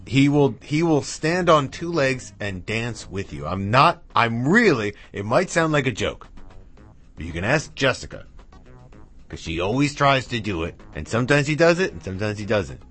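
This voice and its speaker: A man back-announcing tracks on his radio show, drifting into chatty, self-mocking asides. His husky, lowish voice moves slowly but swings widely in pitch. A faint bed of music sits under his voice. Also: fairly bright tone. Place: home radio booth with his dog. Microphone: studio mic with headphones.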